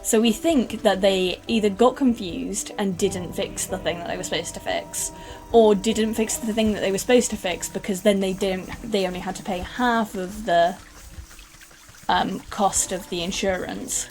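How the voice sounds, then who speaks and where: A woman's voice: medium pitch, normal speed, a little mellow, faint music behind. A young British woman streaming a game, rambling and chatting casually with some swearing. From United Kingdom. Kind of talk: casual gaming stream chat.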